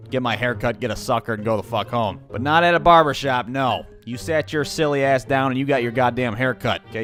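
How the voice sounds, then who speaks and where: A man telling a comic childhood story in a sarcastic, profane, animated way. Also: mid-range voice. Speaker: stand-up comedian.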